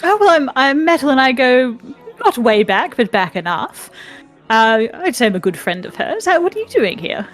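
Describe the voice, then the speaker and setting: A woman's voice: high-pitched, sing-song, normal speed, faint music behind. A woman voicing a posh, affectionate woman in a tabletop game, gushing and a bit theatrical. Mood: breezy. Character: posh, affectionate woman who calls everyone darling.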